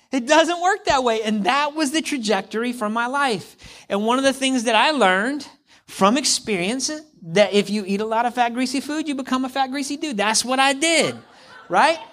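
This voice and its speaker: This middle-aged pastor preaches in a very high-pitched, rather bright voice. The sermon feels conversational as he voices hypothetical quotes and says key lines again for emphasis.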